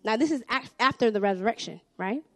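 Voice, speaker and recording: A young woman with a Southern US accent preaches with animated energy, dropping to hushed asides and then rising to loud calls. Her voice sits high and lively. The sound is close and dry, with no room around it. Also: fast talker, no room sound. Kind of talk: sermon.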